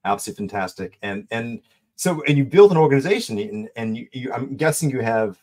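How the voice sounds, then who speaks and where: A man's voice: mid-range voice, expressive, fairly quick, darkish tone. A man hosting a podcast interview, cheering his guest on and asking long, rambling questions. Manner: enthusiastic, affirming, rambling questions. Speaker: podcast host.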